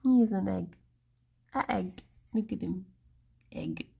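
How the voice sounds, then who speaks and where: A woman's voice: medium pitch, slow, vocal fry, warm tone, husky. A woman in her thirties with an English accent, chatting casually and playfully with stream viewers, giggling often. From England. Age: 30s. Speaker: livestreamer.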